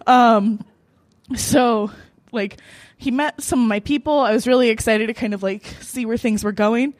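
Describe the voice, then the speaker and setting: Telling a personal story while hosting a cafe open mic, this young American woman speaks at a moderate pace in a slightly high voice. She's animated, profane, and laughs frequently. The recording has no echo.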